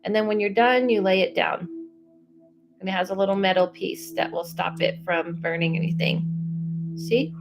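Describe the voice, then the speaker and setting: Young adult woman, casual psychic livestream host, chatty and self-interrupting, mid-pitched, soft music bed. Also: steady tone, moderate pace, gravelly. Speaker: psychic medium doing live readings.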